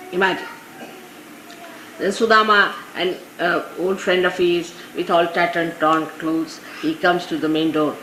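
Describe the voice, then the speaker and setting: A woman's voice: mid-range voice, a bit bright. A woman from India with an Indian English accent gives an informal spiritual talk to her followers, telling anecdotes and dropping in frequent "you see" asides. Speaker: spiritual teacher. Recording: echoey 1980s archive recording with faint hiss.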